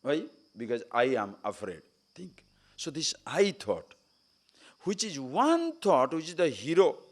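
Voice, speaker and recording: A man teaching at a retreat camp, his fairly high voice rising and falling widely as he tells stories. He acts out the speakers in his tales with feeling. Faint crickets and outdoor noise sit behind him. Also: unhurried. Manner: animated storytelling, acting out quoted speakers. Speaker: spiritual teacher. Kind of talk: spiritual discourse.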